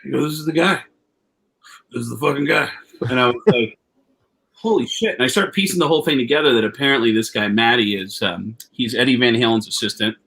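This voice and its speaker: A male comedian guest tells an anecdote over a video call, speaking at medium pitch and a quick pace with some vocal fry. He's an animated storyteller who raises his voice to act out quotes, and he rambles profanely with many restarts.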